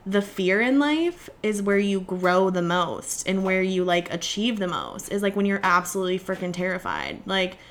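A woman's voice: medium pitch, big pitch swings, moderate pace, few pauses. Chatty young-sounding woman co-host. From Illinois. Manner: chatty, ranting, peppered with "like". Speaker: podcast co-host. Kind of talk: casual chat.

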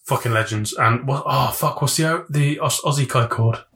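A man's voice: medium pitch, normal speed, a bit bright. A man chatting casually on a podcast, sweary, jokey and easily sidetracked. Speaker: podcast co-host. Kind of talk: casual chat.

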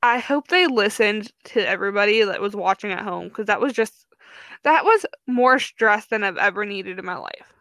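A young woman chatting casually as a podcast co-host, full of fillers and quick restarts. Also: medium pitch, expressive, fairly bright tone, no echo. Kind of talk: casual chat.

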